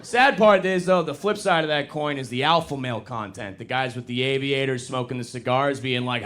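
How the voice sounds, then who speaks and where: A man's voice: medium pitch, moderate pace, a bit bright. A young man doing a stand-up comedy set on a club stage into a handheld mic, casual and self-deprecating, working the crowd.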